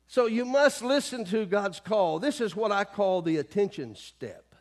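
A man's voice: high-pitched, expressive, a little slow. A middle-aged male pastor preaching a sermon in a folksy way, with many asides and calls to the congregation.

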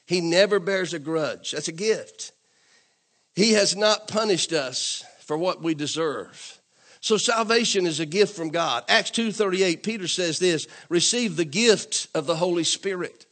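A man speaks at a measured pace in a high-sitting voice, delivering a sermon in church. Calling for amens from the congregation, he leans on repetition and emphasis, rising toward louder and louder declarations.

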